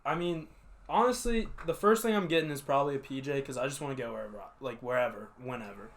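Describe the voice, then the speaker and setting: A young man with a mid-range voice chats on a casual podcast. He tells stories in a relaxed, dry manner. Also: mid-range voice, fast. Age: young adult. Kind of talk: casual chat.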